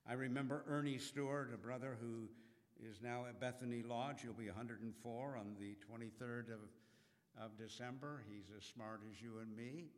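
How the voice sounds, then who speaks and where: A man preaching a sermon in a slow, earnest way, with dramatic rises in his voice. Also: mid-range voice, steady tone. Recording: long hall reverb.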